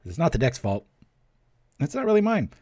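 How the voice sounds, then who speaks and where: A man's voice: a little high, wildly swooping pitch, moderate pace, darkish tone, no room sound, clean studio sound. A man hosting a card game show, chatting casually as he plays and talks himself through each move. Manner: chatty, self-talking, cracks small jokes. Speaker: gaming channel host. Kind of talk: casual gameplay commentary.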